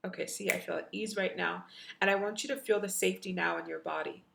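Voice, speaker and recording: A woman's voice: lowish voice, steady tone, fast talker, vocal fry, background noise. A woman spiritual coach leading a live online guided meditation and activation, effusive, with chant-like repetitions.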